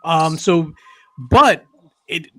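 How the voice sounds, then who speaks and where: Brief: jokey male panelist, high and bright voice, slangy casual chat. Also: animated, extremely slow. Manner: loose, jokey slang, clowns around with bits. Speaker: panelist on a pop culture talk show.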